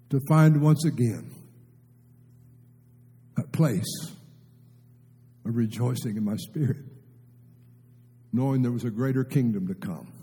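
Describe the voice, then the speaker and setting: A middle-aged male preacher delivering an emotional sermon, tearful and impassioned, his voice swelling up and dropping down to a hush. The tone is dark and mellow with a husky edge. It rings out with the long reverb of a large church hall. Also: medium pitch. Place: church sanctuary.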